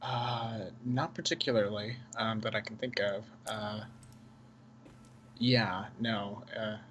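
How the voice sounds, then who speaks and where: A man's voice: lowish voice, steady tone, slow pace, fairly bright tone, slight background noise. A man appearing as a podcast guest, speaking hesitantly with many fillers and a self-deprecating tone. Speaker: guest author. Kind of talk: casual podcast chat.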